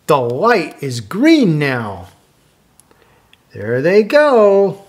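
An older man reading a children's picture book aloud, slow and lively, stopping to ask young listeners questions. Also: a little high.

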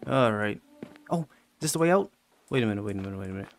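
A man hosting a gaming channel, giving casual commentary on a horror game and yelping high when he gets scared. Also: animated, rapid-fire, slight background noise. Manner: talks to game characters jokingly.

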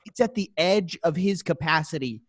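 A man's voice: on the high side, animated, moderate pace, breathy edge, dry recording. A young man hosting a casual comedic chat, playfully enthusiastic and joking. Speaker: host.

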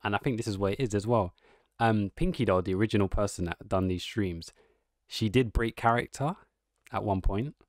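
A man's voice: on the low side, normal speed, dry recording, clean studio sound. A man giving casual, rambling reaction commentary, amused and musing aloud as the host.

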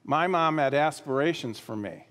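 Brief: male pastor, high-pitched, emphatic sermon delivery, long hall reverb. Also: lively intonation, moderate pace. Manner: emphatic, repeats key phrases, drops to quiet asides. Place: church sanctuary.

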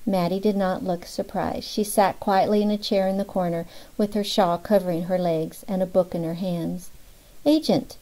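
A woman's voice: flat delivery, moderate pace, few pauses, warm tone, low-quality recording. A woman narrating a novel as an audiobook, lifting her voice slightly for the characters' lines. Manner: reads all characters with small pitch lifts for dialogue.

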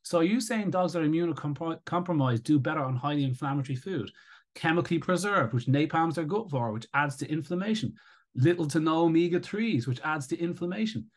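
A man giving live commentary as he reads through an article, rebutting it in an animated, sarcastic and indignant way. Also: a little high, a little fast. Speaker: raw-feeding advocate commentator.

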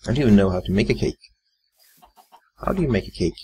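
A man's voice: fairly low pitch, expressive, fast talker, darkish tone, a little hiss or hum, rough recording. A man giving casual gameplay commentary, muttering his thoughts aloud to himself. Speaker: let's play gamer.

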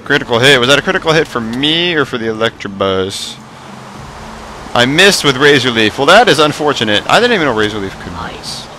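Excitable young man yelling at his game. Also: mid-range voice, a little fast, slight background noise, rough recording. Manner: excitable, swears and yells at the game. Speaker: gaming YouTuber. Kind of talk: Minecraft mod let's play commentary.

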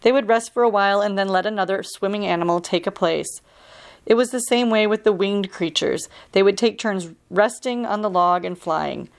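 Woman park ranger, children's story reading: calm, steady, clear, mid-pitched. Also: moderate pace.

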